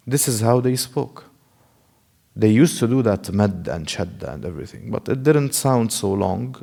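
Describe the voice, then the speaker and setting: Teaching Quran recitation in a lecture, a man slowly demonstrates Arabic sounds step by step and answers the questions he himself raises. His voice is on the low side, creaky yet warm.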